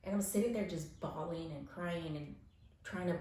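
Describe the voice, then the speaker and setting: A woman around forty telling personal stories frankly and candidly. She swears freely and swings between soft reflection and animated laughter. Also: sits low, moderate pace, slight background noise. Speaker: podcast guest. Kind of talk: candid conversational storytelling. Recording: very echoey room.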